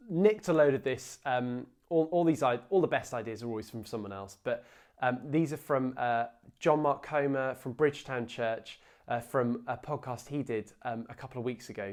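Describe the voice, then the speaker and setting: A young man preaching an informal, earnest sermon, with fillers and asides. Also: mid-range voice. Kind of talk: conversational sermon.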